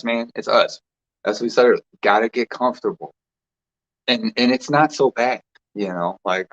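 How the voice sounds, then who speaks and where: A man who channels spirits, giving a rambling, casual spiritual talk full of fillers. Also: medium pitch. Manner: rambling, animated, filler-heavy. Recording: dull lo-fi sound.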